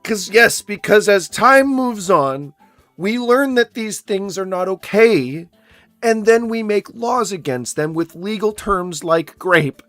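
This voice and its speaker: A woman's voice: mid-range voice, expressive, slow pace, fairly bright tone, dry recording, faint music behind. A woman giving casual reaction commentary, exasperated and incredulous, swearing often.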